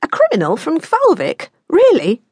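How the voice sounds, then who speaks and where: A woman's voice: high voice, big pitch swings, fairly quick, no echo, clean studio sound, pitched above the performer's own voice. A woman narrator voicing a sly teenage daughter with a light, breezy voice in an audiobook.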